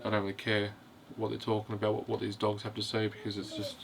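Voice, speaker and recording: Rambling low-voiced man reviewing a film. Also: monotone, creaky, crowd noise. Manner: hesitant and rambling, fills every pause with "you know". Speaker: host of a film review video. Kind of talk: casual film review monologue.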